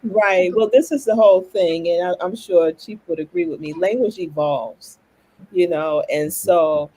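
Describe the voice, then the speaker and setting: A moderator leads a casual discussion panel. The voice is husky, and the delivery is unhurried. They often agree with the other speakers and laugh along. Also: mid-range voice, darkish tone, low-quality recording. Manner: laughs often, affirming interjections.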